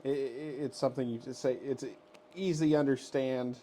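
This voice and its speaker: A man's voice: mid-range voice, steady tone, fairly quick, warm tone, slight background noise. A man co-hosting a podcast in a laid-back, agreeable way, often chuckling along. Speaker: podcast co-host. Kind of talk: casual chat.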